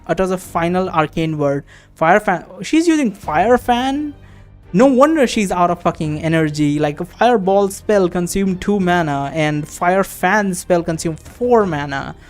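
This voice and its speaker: A man with a fairly high, smooth voice reads a fantasy text game aloud in a let's-play. Between passages he breaks off into relaxed, offhand commentary, musing aloud and cursing now and then. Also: moderate pace, soft background music. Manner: casual, muses aloud and swears offhandedly. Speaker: game streamer.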